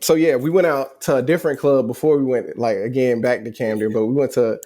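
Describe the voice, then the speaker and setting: Young male co-host, chatty and animated, a rambling storyteller who restarts his sentences, with a voice of middling pitch. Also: brisk. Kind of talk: casual travel recap chat.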